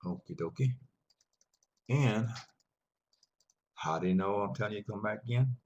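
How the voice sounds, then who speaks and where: A man's voice: lowish voice, moderate pace, a little mellow. A man teaching a language class, patiently explaining and repeating words for his students in a rambling way.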